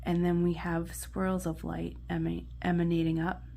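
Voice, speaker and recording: A woman reads tarot cards in a low, gravelly, mellow voice, gentle and encouraging. She often sinks into soft whispers while studying the imagery, and a faint hum sits behind her. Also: level tone, normal speed. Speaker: tarot reader. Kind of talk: pick-a-card tarot reading.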